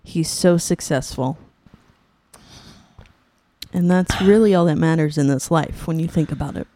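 A woman hosting a comedy podcast who talks in a dry, deadpan way. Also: sits low, unhurried. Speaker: podcast host. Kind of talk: improvised comedy interview.

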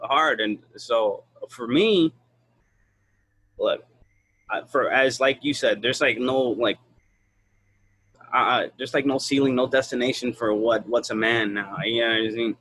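A man talking bluntly and profanely in a casual podcast chat, telling animated stories about his kids. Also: mid-range voice, measured pace, long pauses, husky, no echo.

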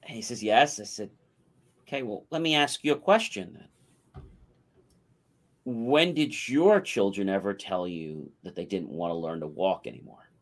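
This lowish-voiced man speaks a little slowly, leaving long pauses as he co-hosts a talk show. He's spinning a lengthy personal tale in a relaxed, storytelling way, bringing it to life by performing each quote.

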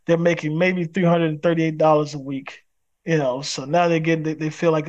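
A man's voice: fairly high pitch, fairly even intonation, brisk, darkish tone, highs cut off. A man who is a pastor, a guest on a podcast interview, speaking in an emphatic, preacherly way. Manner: acts out quoted people in other voices.

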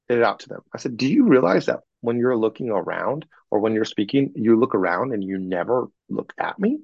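A man working as a communication coach, telling animated stories about clients and acting out what they said in an interview. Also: fairly low pitch, vocal fry, husky, no room sound, lo-fi sound. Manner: animated anecdotes, acts out clients in quoted voices. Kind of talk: podcast interview, storytelling.

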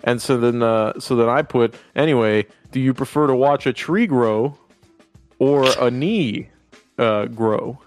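A man's voice: medium pitch, unhurried, faint music behind. A man co-hosting a podcast, telling crude, joking stories in casual chat. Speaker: podcast co-host. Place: podcast studio.

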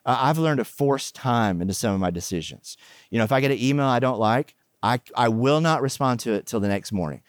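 A man's voice: medium pitch, brisk, no echo. Middle-aged male pastor, casual sermon, playful asides, close dry mic. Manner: joking, animated asides, chatty fillers. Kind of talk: conversational sermon with humor.

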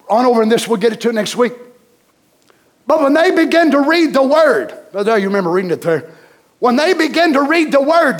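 A man preaching a sermon from the pulpit, pressing his points with repetition and breaking into shouts. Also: extremely high pitch. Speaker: pastor.

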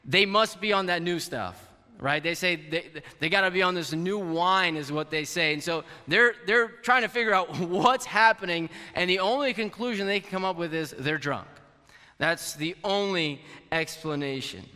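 Bright-voiced preacher man in a reverberant hall. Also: sits high, normal speed. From Portuguese-speaking country. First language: Portuguese. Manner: conversational, asks the congregation questions. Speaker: pastor. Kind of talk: sermon. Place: church hall.

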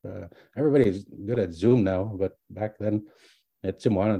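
A middle-aged language teacher and doctoral student casually tells his own story, rambling and restarting often while mixing in words from another language. His voice is fairly low, creaky and warm with a breathy edge, at a moderate pace, with no room sound.

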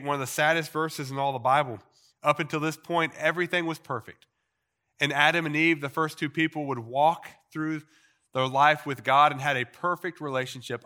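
A man preaching a sermon as a pastor, slowing down to stress key phrases and letting his sentence endings drop soft and quiet. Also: fairly high pitch. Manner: preaching with slow emphatic repetitions and trailing quiet phrase endings. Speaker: pastor teaching a Bible series.

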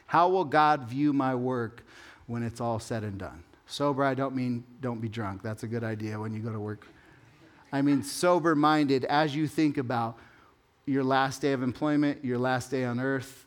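A middle-aged man preaching a sermon as pastor, talking casually and slowing down to stress key phrases. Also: mid-range voice. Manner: conversational, emphatic, slows down to stress key phrases.

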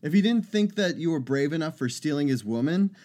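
A man's voice: on the high side, expressive, fairly quick, dark tone. A man co-hosting a casual podcast, teasing his friend in a wry, offhand way. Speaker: podcast co-host.

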